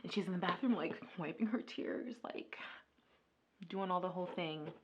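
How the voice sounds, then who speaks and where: A woman vlogger chatting casually through a makeup video, retelling a story in an animated way with lots of filler words. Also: fairly low pitch, moderate pace, muffled recording, a little hiss or hum. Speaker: beauty vlogger. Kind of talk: casual makeup vlog chat.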